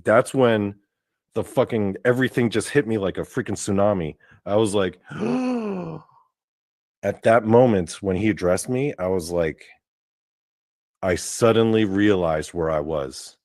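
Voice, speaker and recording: A man's voice: fairly low pitch, a little mellow, no echo. Rambling man telling a story, dry sound. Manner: rambling, full of "like" fillers and cursing. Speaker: podcast host. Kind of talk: casual storytelling.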